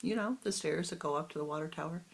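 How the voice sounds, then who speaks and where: A woman's voice: deep voice, fast talker, creaky, low-quality recording. A woman voicing a wise male guru who knowingly teases his disciple in a spiritual parable. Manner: knowing, gently teasing.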